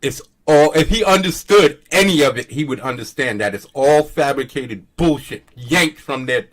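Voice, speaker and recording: Lively scoffing man ranting. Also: medium pitch, moderate pace. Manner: scoffing, profane, laughs often. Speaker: commentary channel host. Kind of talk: casual ranting commentary.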